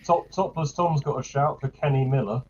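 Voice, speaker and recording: A man's voice: medium pitch, normal speed, highs cut off. A man co-hosting a casual football chat, reading out viewer comments and joking. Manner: jokey. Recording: loud background noise.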